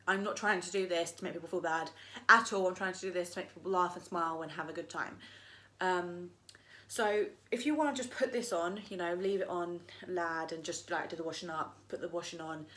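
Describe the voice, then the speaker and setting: A woman's voice: on the low side, a bit bright. A young woman ranting casually to camera, swearing freely and mocking people in put-on voices. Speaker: vlogger.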